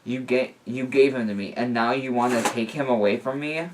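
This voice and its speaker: A man's voice: mid-range voice, moderate pace, far from the mic, noisy background, natural voice. A man reading a story aloud, voicing a tearful young man who pleads with his boyfriend in an emotional, whiny way. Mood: tearful pleading.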